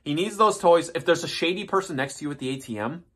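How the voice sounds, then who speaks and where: A man's voice: on the high side, expressive, fast, a bit bright, breathy edge. A man reading a list in a mocking, profane rant, with rambling asides and restarts. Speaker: commentary YouTuber. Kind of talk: ranting commentary.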